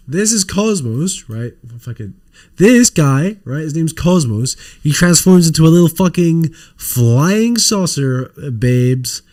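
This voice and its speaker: A man's voice: mid-range voice, sing-song, measured pace, darkish tone. Male co-host, casual livestream chat, loose and profane, mid-range voice. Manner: rambling, profane, showing off toys. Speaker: podcast co-host.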